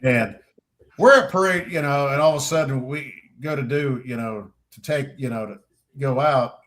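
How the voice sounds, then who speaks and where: A middle-aged man in casual storytelling mode, animated and a little profane. He acts out other people's lines with sudden jumps in pitch and volume, then drops back to an easy, ordinary voice. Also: normal speed. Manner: animated storyteller, acts out quotes loudly, swears freely. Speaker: podcast co-host, veteran.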